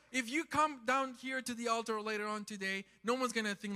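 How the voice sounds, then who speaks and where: Man, pastor, sermon, high voice, bright tone, impassioned, loud and soft swings. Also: moderate pace, few pauses, long reverb tail. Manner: impassioned, swings from loud calls to quiet talk. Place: church sanctuary.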